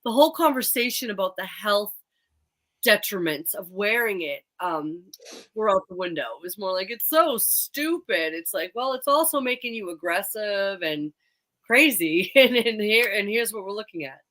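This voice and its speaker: A woman's voice: mid-range voice, expressive, moderate pace, fairly bright tone. A woman co-hosting a podcast, chatty and emphatic in casual conversation. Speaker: podcast co-host. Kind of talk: casual chat.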